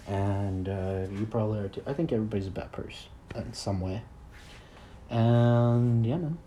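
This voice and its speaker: A man's voice: medium pitch, sing-song, normal speed, dark tone, a little hiss or hum. A man in his early twenties hosting a solo podcast, rambling in a crude, self-deprecating way. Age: 20s. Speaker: podcast host.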